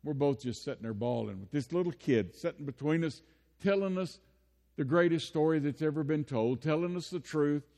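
An older man, a pastor, delivers a sermon in a slightly high, expressive voice with a dark tone and a moderate pace. He shares folksy personal stories that build into impassioned preaching, and the recording carries a long hall reverb.

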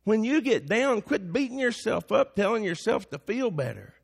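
Preaching man with gravelly voice, echoing hall. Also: sits high, very animated, normal speed. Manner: preaching, rising to emphatic peaks. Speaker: pastor. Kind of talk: sermon. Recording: long hall reverb.

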